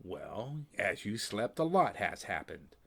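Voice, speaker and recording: Man as a worn-out old official, dry, calm, mumbling, a bit quieter and slower than the reading. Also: fairly low pitch, gravelly, exaggerated voice. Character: weary, cranky old male custodian, dry wit.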